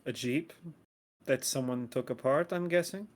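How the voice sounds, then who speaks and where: A man's voice: medium pitch, normal speed. A man playing in a live tabletop game, joking and bantering with the table. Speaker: player. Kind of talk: casual tabletop play.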